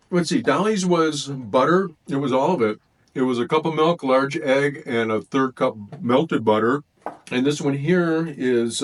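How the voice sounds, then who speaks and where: A man reviewing food in a casual vlog, thinking aloud and rambling as he tastes. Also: mid-range voice.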